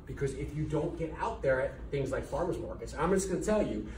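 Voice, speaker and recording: A man's voice: fairly high pitch, lively intonation, a little fast, darkish tone. Man, middle-aged, preachy motivational lecturer; distant room recording with faint hiss. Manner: emphatic and preachy, repeating key words and firing rhetorical questions. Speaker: chiropractor lecturing business students. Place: lecture hall at a college. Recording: echoey hall from far off, faint noise.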